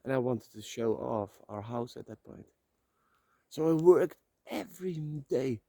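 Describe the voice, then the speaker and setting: Medium in pitch, expressive, gravelly, and mellow, this Dutch vlogger speaks unhurriedly with no room sound. Walking outdoors on a slippery path, he talks into his phone in a rambling, heartfelt motivational monologue full of emotion and casual swearing.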